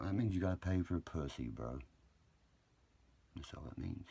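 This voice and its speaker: Gravelly deep-voiced man ranting. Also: moderate pace, pauses often, dry recording. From West Virginia. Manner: profane, agitated, swings between ranting and quiet apology. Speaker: social media live streamer. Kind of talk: rambling live-stream chat.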